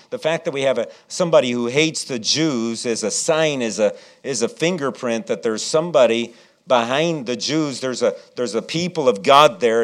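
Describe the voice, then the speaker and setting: A middle-aged man preaching a sermon and telling a childhood story, animated and acting out what people said. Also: mid-range voice. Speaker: pastor.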